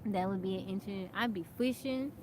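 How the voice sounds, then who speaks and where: An American woman hosts a casual live stream from outdoors, chatting along and greeting viewers by name. Her voice sits at an ordinary middle pitch. Clear outdoor noise runs beneath her talk. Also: fast talker. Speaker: livestream host. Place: outdoors in nature.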